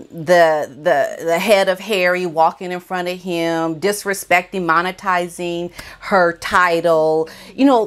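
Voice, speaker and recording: A woman vlogger giving casual, animated commentary and talking straight to her viewers. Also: lowish voice.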